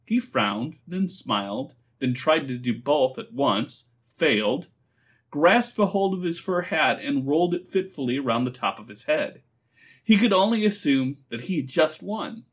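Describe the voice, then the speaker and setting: A man narrating a comic story in an expressive, dry reading style. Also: on the high side, a little slow. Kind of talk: audiobook-style reading for a phone story line.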